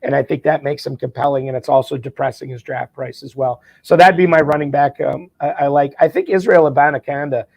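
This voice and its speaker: A man's voice: medium pitch, steady tone, fairly quick, vocal fry, few pauses, darkish tone, no room sound. A man talking as a podcast guest, eagerly making his points with frequent stammered restarts. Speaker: guest, fantasy football champion. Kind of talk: casual podcast chat.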